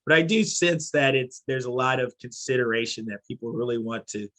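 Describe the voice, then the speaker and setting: A middle-aged man from Haiti and New York, speaking as a podcast guest in a thoughtful, measured way. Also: medium pitch, fairly bright tone. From born in Haiti, raised in New York. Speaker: podcast guest, company CEO. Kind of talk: casual podcast interview.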